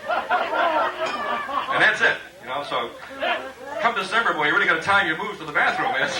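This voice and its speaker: A middle-aged man giving a joking roast speech at a party, halting with many uhs and laughing at his own jokes. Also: mid-range voice. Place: party room with guests. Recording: echoey room, distant mic, background noise.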